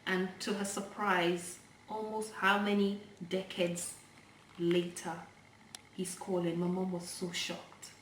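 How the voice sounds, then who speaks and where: A woman's voice: lowish voice, level tone, takes it slowly. Chatty young woman telling her story. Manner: chatty, digressive, many fillers and restarts. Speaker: vlogger. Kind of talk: personal storytelling vlog. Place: indoor room, filmed by a helper. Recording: roomy and distant from the mic, faint background noise.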